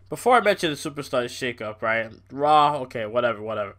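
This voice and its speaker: A young man hosting a casual wrestling podcast, ranting in an exasperated, animated way with frequent swearing. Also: mid-range voice, fast, few pauses. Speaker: podcast host.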